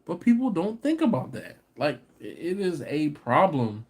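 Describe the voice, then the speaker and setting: A man hosting a barbecue channel's live stream, chatting casually and answering viewer comments, animated and laughing, climbing into exasperated rants. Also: a little high, normal speed, hardly any pauses, husky.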